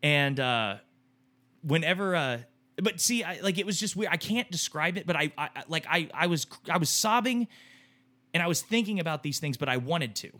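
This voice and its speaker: A podcast co-host in his thirties tells an emotional story during a casual chat, rambling with many restarts and some swearing. His fairly high voice is bright and forceful, with lively intonation at a normal speed.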